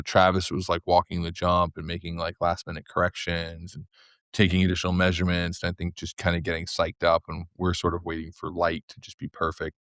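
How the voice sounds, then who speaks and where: Low-voiced man telling animated stories. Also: smooth, no echo, clean studio sound. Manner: animated storyteller, heavy "like" fillers. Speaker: guest, filmmaker. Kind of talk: casual interview chat.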